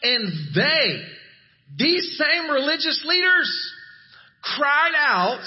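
A man preaching a sermon as pastor, animated and emphatic. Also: slow pace, highs cut off. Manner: animated, rising to emphatic highs.

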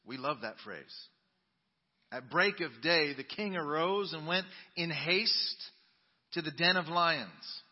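A male pastor preaching a sermon, reading scripture dramatically and swinging between booming emphasis and soft asides. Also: takes it slowly, slightly rough, in a large hall, lo-fi sound. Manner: dramatic Bible reading with sudden loud and quiet turns. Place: church sanctuary.

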